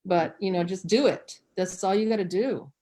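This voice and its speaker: A woman's voice: mid-range voice, moderate pace, dark tone. A woman guest on a casual team call, plain-spoken and matter-of-fact. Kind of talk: casual chat.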